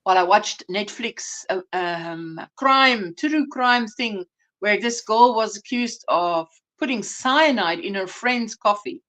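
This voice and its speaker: A woman's voice: medium pitch, slow pace, a bit bright. A South African woman hosting a casual livestream chat, chatty and laughing often as she reads viewer comments aloud. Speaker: livestream host.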